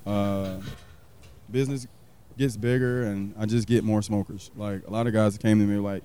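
Speaking at normal speed in a lowish, mellow voice with fairly even intonation, this South Carolina pitmaster and restaurant owner rambles through his story in a relaxed interview, full of fillers and voicing the people he quotes. A faint hiss or hum runs underneath.

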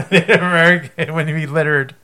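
A man with a high voice chats casually as a podcast co-host, mostly dropping in short agreements. A clear crowd murmur runs underneath his voice. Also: fairly even intonation, normal speed. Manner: brief agreeing interjections. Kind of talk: casual chat.

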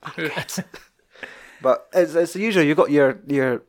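A man's voice: on the high side, measured pace. A young man with a Scottish accent chatting casually about a film, rambling and swearing freely.

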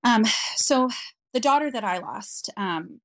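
A woman guest on an interview podcast, telling a personal story in an earnest, reflective way with frequent pauses. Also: on the high side, expressive, dry recording.

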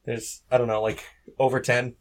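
A man's voice: mid-range voice, little pitch movement, normal speed. A man co-hosting a podcast, chatting casually with wry, joking asides. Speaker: podcast co-host. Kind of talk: casual chat.

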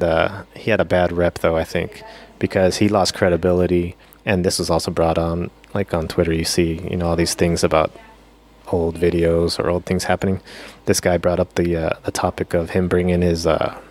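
A man co-hosting a casual podcast chat, giving blunt, animated opinions with casual slang. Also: low-pitched, moderate pace. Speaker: podcast co-host.

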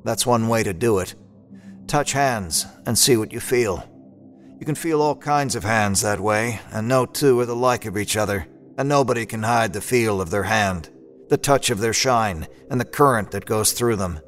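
A man's voice: fairly low pitch, moderate pace, fairly bright tone, faint music behind. A man narrating an audio drama in the first person, with a folksy old-timey drawl and a laid-back, wry manner.

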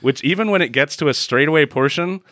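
A man's voice: fast talker, no echo, studio quality. A man co-hosting a podcast, recapping a film with sarcastic asides and frequent laughter. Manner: sarcastic, laughing recaps with animated pitch jumps. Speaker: podcast co-host. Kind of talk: casual movie recap chat.

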